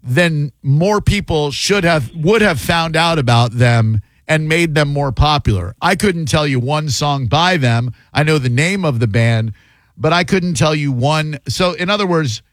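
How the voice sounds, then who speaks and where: A man's voice: on the high side, animated, a little slow, no room sound. A man hosting a radio talk show, riffing on his opinions in a casual, rambling way.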